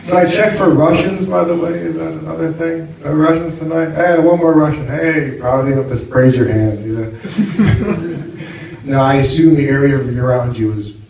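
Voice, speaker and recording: A man's voice: fairly high pitch, normal speed, gravelly, a little mellow. American man doing stand-up in an echoey club. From United States. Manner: chatty, self-mocking, laughs at his own lines. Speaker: stand-up comedian. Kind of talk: stand-up comedy set. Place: comedy club stage with a live audience. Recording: far-off echoey club with crowd. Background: audience laughter.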